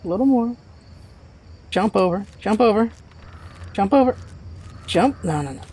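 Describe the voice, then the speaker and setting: A man's voice: high voice, animated, a little slow, a little mellow, husky. A man hosting a let's play, giving casual game commentary as he rants and swears in frustration.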